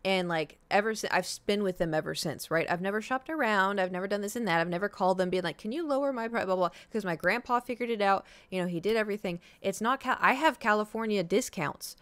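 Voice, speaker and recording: Thirtysomething woman streamer just chatting, swears a lot, acts out her reactions, mid pitch. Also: fast, hardly any pauses, no room sound. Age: 30s. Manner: animated, profane, acts out her own reactions. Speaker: livestreamer. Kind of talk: casual storytelling chat to viewers.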